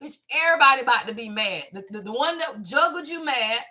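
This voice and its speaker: Excitable high-pitched tarot reader, woman. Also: fast talker. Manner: excitable, profane, laughs and exclaims often; talks straight to viewers as y'all. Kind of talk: casual tarot reading to camera.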